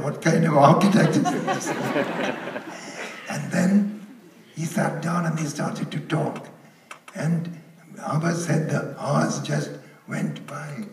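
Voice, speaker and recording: A man's voice: fairly high pitch, vocal fry, a little mellow, a little hiss or hum. An older man on a conference panel, telling a story and quoting other people, laughing as he goes. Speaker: panel speaker. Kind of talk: anecdote told on a conference stage. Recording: echoey hall, mic at a distance.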